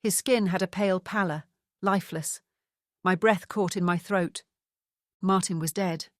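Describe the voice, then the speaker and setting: A woman reading a first-person mystery audiobook in a steady, measured storytelling voice. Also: lowish voice, no room sound, studio quality. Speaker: audiobook narrator.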